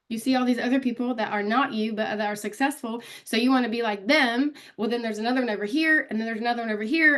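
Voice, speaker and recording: A woman's voice: fairly high pitch, fairly bright tone. A woman giving a casual live online training on social media, talking directly to viewers and calling them out by name. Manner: chatty, calls out viewers by name.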